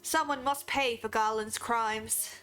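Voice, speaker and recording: A woman's voice: on the high side, steady tone, takes it slowly, pushed and bright, smooth, faint music behind. A woman reading game dialogue as a contemptuous imperial officer, giving commands with scorn. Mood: scornful.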